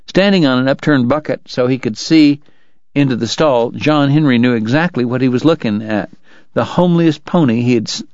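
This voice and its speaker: A man reading a novel aloud in measured storytelling narration. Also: mid-range voice, darkish tone, no echo, dull audio. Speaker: audiobook narrator. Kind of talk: scripted narration.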